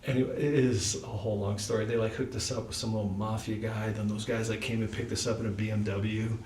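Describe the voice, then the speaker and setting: Speaking quickly in a low, flat voice, a man recounts something from his own life to a devotional study group. His delivery is casual and chatty, packed with fillers such as "you know" and "like," and the audio is echoey, faintly hissy, and picked up from far away.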